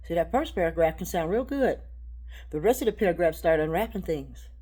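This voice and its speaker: A woman giving a rambling, preachy spiritual monologue, halting and repeating words, dropping to a hush and then rising loud. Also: lowish voice, expressive, husky. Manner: preachy, swings between hushed and loud.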